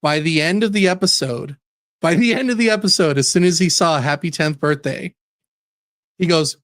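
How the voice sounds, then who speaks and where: A man's voice: a little high, moderate pace, pauses often, no echo, clean studio sound. Chatty man telling stories. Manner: animated storyteller, laughs while talking. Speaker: podcast co-host. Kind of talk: casual chat.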